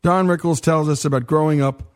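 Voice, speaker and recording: A male host narrates in a steady, explanatory tone, with a slightly raised pitch. He tells the story in an even way, as if reading from a script. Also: brisk. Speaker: radio show host.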